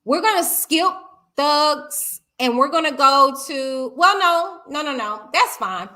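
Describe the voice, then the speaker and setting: A high, bright-voiced woman. She chats in a lively, loose way, full of fillers and "okay?" tags. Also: slow pace. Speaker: talk show host. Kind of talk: live-stream chat.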